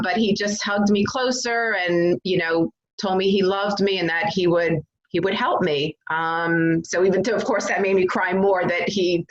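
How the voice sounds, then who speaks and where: Woman, interview guest; candid, animated storytelling, slightly low voice, echoey room. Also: highs cut off. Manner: earnest, animated retelling with frequent fillers. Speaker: interview guest sharing her recovery story.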